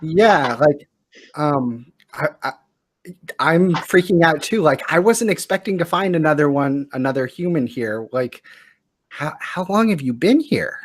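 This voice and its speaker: A man voicing a friendly, earnest adventurer in a tabletop game, speaking in a halting, eager way. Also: fairly high pitch, lively intonation, no room sound, voice pushed up.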